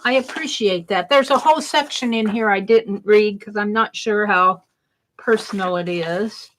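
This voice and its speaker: A woman's voice: medium pitch, normal speed, a bit bright, a little hiss or hum. A woman hosting a casual crafting live stream, exclaiming over mail and greeting viewers in chat.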